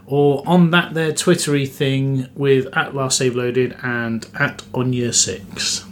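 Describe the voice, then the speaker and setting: A man at an ordinary middle pitch co-hosts a casual podcast. He throws in dry, deadpan quips. There is a faint noise under his voice. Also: takes it slowly. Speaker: podcast co-host. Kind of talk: casual banter.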